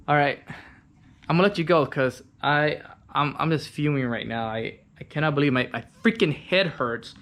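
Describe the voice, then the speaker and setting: A man's voice: fairly high pitch, normal speed, a bit bright. A man demonstrating a scooter repair in his garage, frustrated, with frequent restarts and mild swearing. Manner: frustrated, swears mildly, repeats himself. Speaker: scooter mechanic. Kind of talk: casual vlog demonstration. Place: home garage.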